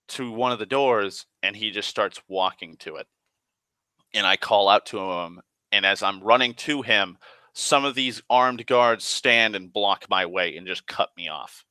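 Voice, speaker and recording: A man's voice: lowish voice, sharp tone, smooth, dry recording. A man casually recounting a tabletop game session, rambling and profane, full of fillers and restarts. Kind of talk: casual spoken storytelling.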